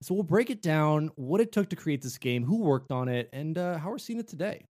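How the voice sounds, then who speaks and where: A man's voice: fairly high pitch, lively intonation, fairly quick, a little mellow. A man co-hosting a casual chat about game history, joking and playful. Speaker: podcast co-host.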